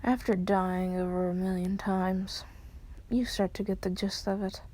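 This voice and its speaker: A woman's voice: medium pitch, steady tone, unhurried, dark tone. A woman retelling a fan story in a whispered role-play, with casual fillers and quoted lines.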